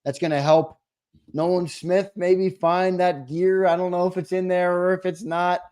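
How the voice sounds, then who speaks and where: A man's voice: sits high, level tone, normal speed, a little mellow, clear, resonant tone. A man co-hosting a sports talk show, easygoing and hopeful, talking as a fan.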